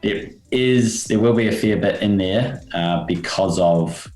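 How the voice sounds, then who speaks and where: Man, podcast co-host, deep voice, roomy echo, jokey, rambling. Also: a little slow, darkish tone, soft background music. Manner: jokey, rambling, stumbles over words. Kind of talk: casual podcast chat.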